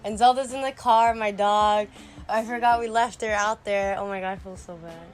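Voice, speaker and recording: A woman's voice: mid-range voice, moderate pace, faint music behind. Slangy young woman telling a dramatic story. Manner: animated, dramatic retelling with sudden loud quoted outbursts; many "like" fillers, slangy talk. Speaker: storyteller vlogger. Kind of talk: casual storytime vlog.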